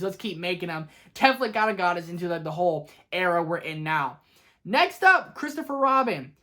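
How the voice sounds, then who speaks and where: A woman's voice: lowish voice, fairly bright tone. A woman vlogger chatting enthusiastically as she ranks movies, opinionated and talking straight to her viewers. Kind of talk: casual movie ranking vlog.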